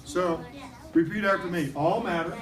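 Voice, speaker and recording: A high-pitched man speaking at normal speed visits a first grade classroom to teach science, playful and coaxing as he leads the kids in call-and-response chants. The mic is distant, the classroom is noisy, and a crowd can be heard in the background.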